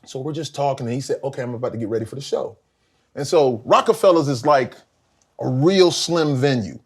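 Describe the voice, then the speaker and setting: An older man from South Carolina, a guest musician telling lively stories in an interview, acting out voices and laughing often. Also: medium pitch, a little fast, slightly rough. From Columbia, South Carolina. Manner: animated storyteller, acts out voices, laughs often. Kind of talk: storytelling interview.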